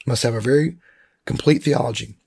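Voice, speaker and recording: A man teaching a Bible lesson, reading scripture passages slowly and deliberately, then explaining them in a casual way with frequent fillers. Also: medium pitch, gravelly, a little mellow, husky.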